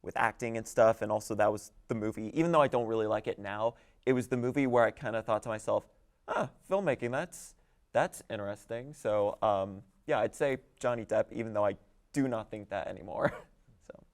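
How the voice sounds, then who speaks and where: A man's voice: on the low side, fairly quick. A young man telling casual stories with a hesitant, filler-heavy way of talking. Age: young adult. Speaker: student panelist. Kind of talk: casual storytelling.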